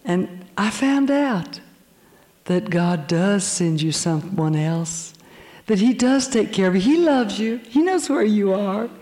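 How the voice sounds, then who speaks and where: An older woman telling her church testimony, animated and quick to laugh. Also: mid-range voice. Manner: animated storytelling, laughing often. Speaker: speaker giving a testimony. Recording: long hall reverb.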